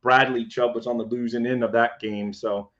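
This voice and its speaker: A male podcast co-host in loose, rambling sports chat. His mid-pitched voice comes through dull and lo-fi. He talks in easy runs with plenty of fillers. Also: little pitch movement, moderate pace.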